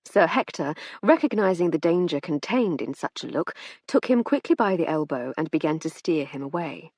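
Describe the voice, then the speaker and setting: A woman narrating a first-person audiobook in a lively, expressive way. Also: deep voice, moderate pace, no room sound.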